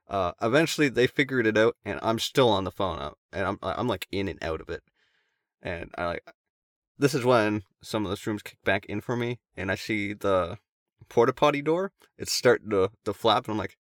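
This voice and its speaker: A man's voice: lowish voice, moderate pace, fairly bright tone, dry recording, clean studio sound. A man casually telling a long story to friends, swearing and laughing as he goes.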